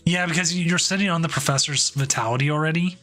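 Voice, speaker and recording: A man hosting and commentating a card game tournament stream, relaxed and joking, with loose filler words. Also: fairly high pitch, fast, faint music behind. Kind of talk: casual live game commentary.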